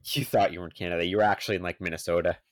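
A young man co-hosting a podcast, teasing his partner with sarcastic deadpan jokes. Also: deep voice, very fast, dry recording. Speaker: podcast co-host. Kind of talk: casual chat.

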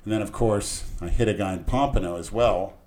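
A man's voice: fairly low pitch, a little fast. A middle-aged man from Florida telling long rambling stories on a casual podcast, acting out the voices of cops in his tales. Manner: rambling, acts out cops' voices loudly. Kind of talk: casual storytelling chat.

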